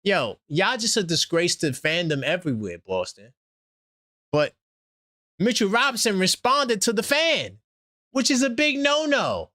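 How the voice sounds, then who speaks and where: New guy ranting on his fan stream, pitch all over the place, dry close sound. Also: measured pace, no echo. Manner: animated, trash-talking, swings between loud outbursts and low asides. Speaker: sports channel host. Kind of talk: casual fan commentary stream.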